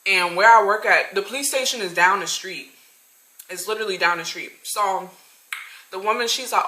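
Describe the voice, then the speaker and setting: A woman in her twenties telling a story-time tale to her viewers, animated and talking straight to them. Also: mid-range voice, brisk. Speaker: vlogger. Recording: roomy echo.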